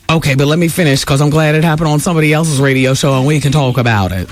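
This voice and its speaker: A woman hosting a radio talk show, chatting in a brassy, theatrical way that swoops high when she gets excited. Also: fast, few pauses. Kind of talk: casual radio gossip chat.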